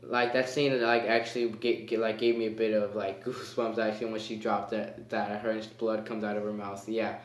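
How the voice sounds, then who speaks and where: A man's voice: on the low side, level tone, a little fast, few pauses. Rambling man in an echoey room. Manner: rambling, hesitant, lots of fillers. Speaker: movie reviewer. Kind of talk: casual spoken review.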